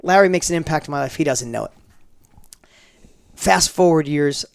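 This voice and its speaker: A man telling stories as a guest in a casual interview, animated and prone to digressions. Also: on the high side, moderate pace, gravelly, smooth, dry recording.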